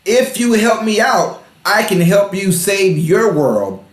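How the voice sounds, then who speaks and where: A man chats casually as a podcast co-host, his voice a touch high and swinging widely as he laughs and repeats himself for emphasis. The room around him rings with a noticeable echo. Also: sing-song, takes it slowly. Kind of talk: casual movie review chat.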